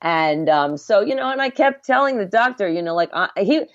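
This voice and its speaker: A woman's voice: medium pitch, animated, brisk, dry recording. A middle-aged woman, a midwife and former obstetric nurse, telling her story earnestly and reflectively in a conversational interview. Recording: dull, dry lo-fi audio.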